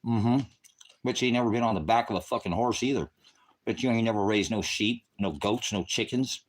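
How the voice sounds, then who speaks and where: A man with a fairly low voice rants at his livestream chat, cursing and taunting viewers in a combative tone. He talks into a phone camera, partly outdoors on his rural farm. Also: fairly quick. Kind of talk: angry livestream rant at chat.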